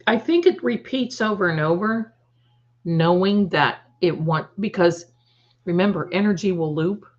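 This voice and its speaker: A woman's voice: fairly low pitch, expressive, a little slow. A woman hosting a casual livestream, chatting and greeting viewers by name. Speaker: psychic livestream host. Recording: dull lo-fi stream audio.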